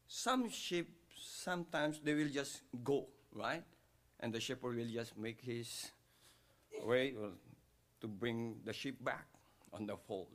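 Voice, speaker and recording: Male pastor, Filipino accent, mid-pitched voice, emphatic storytelling sermon. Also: expressive, measured pace. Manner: switches between English and Tagalog, emphatic and storytelling; rising loud on key phrases, dropping quiet when moved.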